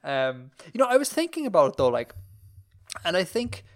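A man's voice: high-pitched, big pitch swings, moderate pace. A man with an Irish accent hosting a podcast, rambling through casual chat with lots of fillers and restarts. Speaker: podcast host.

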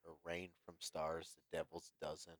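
A man's voice: low voice, monotone, normal speed, no room sound. A man co-hosting a casual movie chat over beers, joking crudely and swearing a lot. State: drinking beer. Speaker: podcast co-host.

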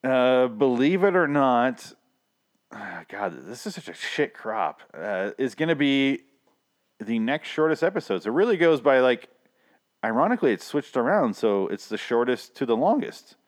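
A man co-hosting a podcast in a casual, profane chat, rambling and laughing often, his throat irritated so he keeps clearing it. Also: medium pitch, very animated, moderate pace. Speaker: podcast co-host reviewing other podcasts.

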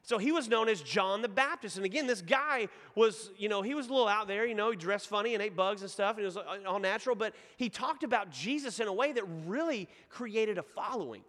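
A man's voice: sits high, animated, a little fast, few pauses, fairly bright tone, long reverb tail. A man from East Texas with a Texan accent, preaching a sermon in a casual storytelling way and joking with the congregation. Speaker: pastor.

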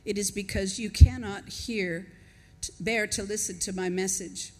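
A woman's voice: medium pitch, fairly even intonation, unhurried, a little mellow. Woman preaching a conversational sermon. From not from Australia, lives there. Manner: conversational, reflective, chuckles between points.

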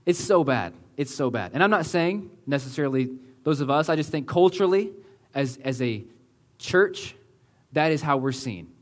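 A man preaching a sermon in a church, earnest and conversational, often slowing to a hush for emphasis. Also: fairly high pitch, animated. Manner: earnest, conversational preaching with many "like" and "right?" asides; slows down and drops to a hush for emphasis. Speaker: pastor.

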